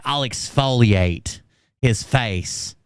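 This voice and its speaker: Crude, sarcastic male commentator, smooth voice. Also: mid-range voice, very slow, no room sound. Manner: crude, sarcastic, profane ridicule. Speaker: reaction commentator. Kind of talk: mocking commentary on a played clip.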